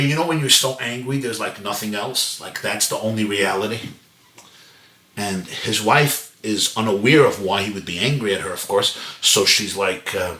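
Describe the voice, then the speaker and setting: Animated man telling a sermon story. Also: lowish voice, normal speed, roomy sound. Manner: animated storyteller acting out voices. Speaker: rabbi. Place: home.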